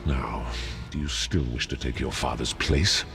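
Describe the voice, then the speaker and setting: A man's voice: very deep voice, a little slow, creaky, heavily acted. An actor playing a posh, cold male beast who rules a castle, in a film clip with music behind.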